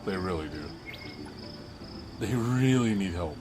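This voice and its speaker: A man's voice: deep voice, expressive, a little slow, music in the background. A young man livestreaming and chatting casually while he plays, ranting in a profane, exasperated way. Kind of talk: casual chat while gaming.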